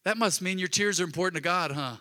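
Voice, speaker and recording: A male pastor preaching a sermon in a church, swinging from loud emphatic bursts to soft, intimate murmurs. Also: high-pitched, quick pace. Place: church sanctuary. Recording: long reverb of a large hall.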